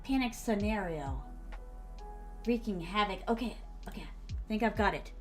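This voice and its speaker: A woman's voice: medium pitch, animated, normal speed, long pauses, faint music behind. A woman streamer musing aloud as she writes, trying out words and chatting casually with her viewers.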